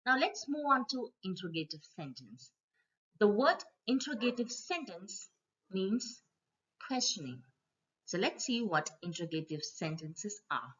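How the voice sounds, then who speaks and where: A woman teacher giving a slide-based grammar lesson, speaking to children and repeating each rule slowly. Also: medium pitch, sing-song, fairly bright tone, breathy edge. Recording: dull lo-fi voice recording.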